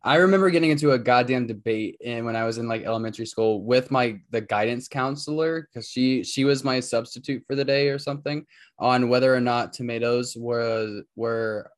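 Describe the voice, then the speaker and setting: Laid-back swearing young man co-host. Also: medium pitch. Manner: laid-back, swears a lot, laughs often. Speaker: podcast co-host. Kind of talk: casual chat.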